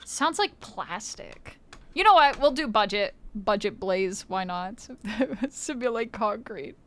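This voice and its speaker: A woman's voice: mid-range voice, expressive, takes it slowly. A woman streamer in casual livestream chat, playful, swearing freely and laughing often, on a close mic.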